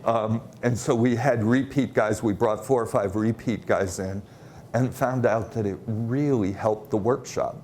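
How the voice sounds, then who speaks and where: Halting man giving a conference talk. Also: lowish voice, steady tone, a little mellow, a little hiss or hum. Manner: halting, anecdotal, many fillers. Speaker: conference presenter.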